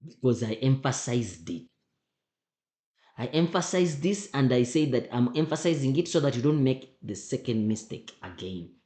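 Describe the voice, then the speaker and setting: A man's voice: medium pitch, animated, moderate pace, mellow. A man, a teacher talking students through an exam memo, emphatic, repeating his points and firing rhetorical questions at them. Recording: roomy echo.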